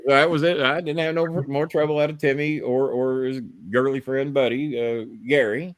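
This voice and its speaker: A man with a medium-pitched, clear, resonant voice talks at a normal speed in a dry recording. He hosts a live podcast stream, telling long, profane, rambling stories as an animated storyteller in a casual way.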